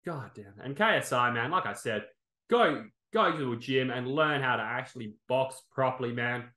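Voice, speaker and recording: A man's voice: mid-range voice, animated, normal speed, bright, forceful tone, reverberant. A man hosting a sports review, ranting in anger and exasperation and swearing, tagging his lines with "okay?" and "man".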